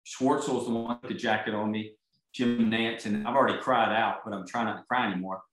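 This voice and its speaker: A man's voice: lowish voice, steady tone, a little fast, fairly bright tone, roomy sound, rough recording. A man, a golf champion, telling a story casually with lots of fillers and restarts. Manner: rambling, full of fillers and restarts.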